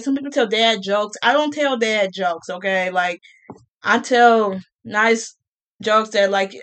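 A woman's voice: fairly high pitch, a bit bright. Joking young woman, laughing vlogger. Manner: joking, laughs often, repeats herself. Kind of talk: casual monologue to camera.

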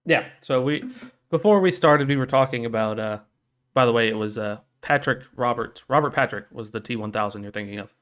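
A man's voice: mid-range voice, brisk, a bit bright. Regular guy cohost, mid voice, lots of uhs, keeps fixing the facts. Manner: correcting, hesitant, filler-heavy. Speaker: podcast co-host. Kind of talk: casual podcast chat.

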